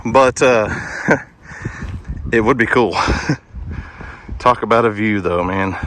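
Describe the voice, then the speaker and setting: Out of breath as he climbs a wooded hill, a homestead vlogger walks and talks in a casual outdoor vlog, chatty and easily amazed, with exclamations like "holy moly." His voice is fairly low and fairly bright; he takes it slowly and pauses often, with slight background noise.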